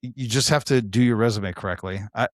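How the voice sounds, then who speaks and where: A man's voice: mid-range voice, fast talker, dry recording, clean studio sound. A man in his forties chatting casually on a podcast, telling stories with lots of swearing and acting out what other people said. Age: 40s. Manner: animated storyteller, acts out quoted dialogue, swears freely. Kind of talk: casual chat.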